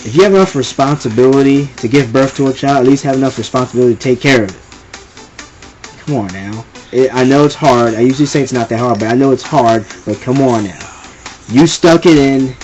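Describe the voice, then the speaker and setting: A man's voice: mid-range voice, a little fast, darkish tone, faint music behind, low-quality recording. A young man ranting casually and with exasperation, rambling and repeating himself. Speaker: vlogger ranting. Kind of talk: casual rant to camera.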